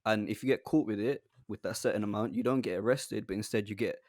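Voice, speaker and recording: A man's voice: fairly low pitch, fast, darkish tone, no room sound, clean studio sound. A man co-hosting a casual podcast chat, slangy and laid-back, often laughing. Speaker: podcast co-host.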